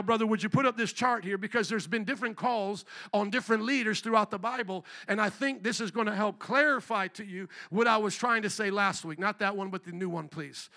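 A male pastor preaching a sermon with energetic call-and-response to the congregation. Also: high voice.

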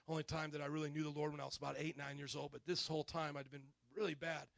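High, gravelly, animated preaching man. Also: quick pace, dry recording. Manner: animated, acts out characters, calls to congregation. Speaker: pastor. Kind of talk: sermon storytelling.

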